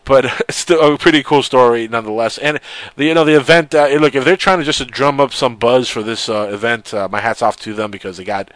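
A man's voice: medium pitch, fairly quick, a bit bright, dry recording. Sarcastic male radio host. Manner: sarcastic, reads news aloud with mocking asides. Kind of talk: casual joking radio chat.

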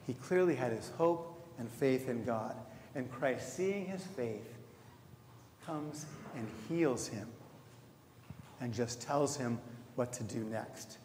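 A man, a deacon, preaching a sermon in a measured, reflective way with slow emphatic pauses. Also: medium pitch, darkish tone, a little hiss or hum. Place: church sanctuary. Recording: echoey church hall, faint ambience.

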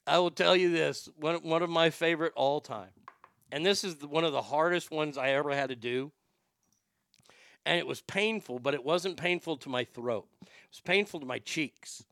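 A man, a comedian and impressionist, chatting casually on a podcast in a profane, animated way with stammering restarts, close to the mic. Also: a little high, moderate pace, gravelly, dry recording.

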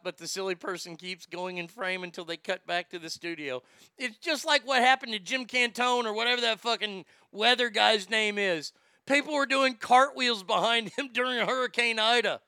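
A man's voice: sits high, gravelly, pushed and bright, clean tone, no echo, studio quality. A man hosting a talk show, ranting bluntly and sarcastically with plenty of profanity, and reading listener comments aloud. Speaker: radio talk show host.

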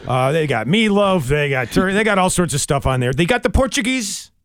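A man hosting a radio show, reading out local items with animated banter. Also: a little high, brisk, clean tone, no echo, studio quality. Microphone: studio microphone.

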